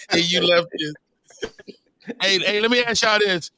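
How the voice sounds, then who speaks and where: A man hosting a casual podcast chat, firing off animated, probing questions in profane slang. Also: sits high, slow, no echo. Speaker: host.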